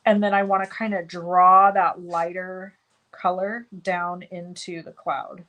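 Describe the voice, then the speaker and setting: A woman's voice: on the low side, little pitch movement, unhurried, a bit bright, low-quality recording. A woman hosting a live cardmaking tutorial, chatting as she works and answering viewer comments by name in a self-deprecating way. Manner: self-deprecating, talks while working. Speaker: crafting stream host.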